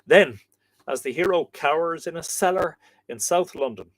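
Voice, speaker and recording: An Irish man hosts a live show, reading a book chapter aloud with dramatic pauses and slowing down for quoted passages. His voice sits on the high side and is expressive, with no echo in the recording.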